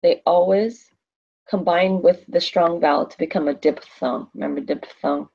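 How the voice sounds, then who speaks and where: A woman's voice: fairly low pitch, steady tone, moderate pace, creaky, breathy edge, highs cut off. A woman teaching a Spanish class on a screen recording, asking questions and answering them herself in a chatty way.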